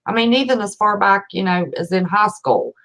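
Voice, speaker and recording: A woman's voice: mid-range voice, a little fast, a bit bright, rough recording. An older woman hosting a casual chat, folksy and chatty, laughing often. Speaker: host.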